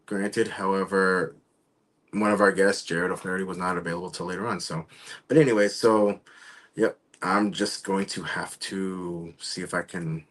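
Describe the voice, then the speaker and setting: A man hosting his own live online show, talking casually and haltingly while he waits for his guests. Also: sits low, steady tone, fairly bright tone. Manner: rambling, halting, trails off. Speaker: show host. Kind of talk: casual livestream talk.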